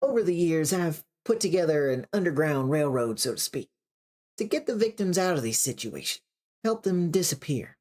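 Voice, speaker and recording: A reader voicing a calm, motherly older woman who speaks gently and coaxingly. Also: medium pitch, moderate pace, pitched above the performer's own voice, close to an everyday voice. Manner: gentle, coaxing, calls people darling.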